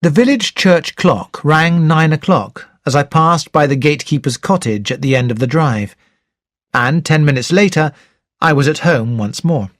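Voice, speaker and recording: A man narrating a mystery novel aloud for English learners, clear and deliberate in his reading. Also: fairly high pitch, lively intonation, no room sound, studio quality.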